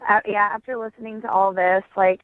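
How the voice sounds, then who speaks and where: A woman's voice: medium pitch, steady tone, a little fast, a crowd in the background. A woman in her twenties calling in to a radio show, speaking directly and firmly. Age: 20s. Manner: direct, firm. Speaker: caller. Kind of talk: phone call on radio. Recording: tinny phone line.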